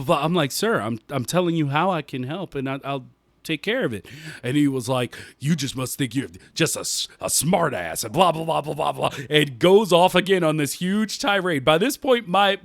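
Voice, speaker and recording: Chatting casually as a podcast co-host, this man tells animated stories, frequently breaking into laughter and stretching out the punchlines. His pitch is fairly high. The audio carries no room sound.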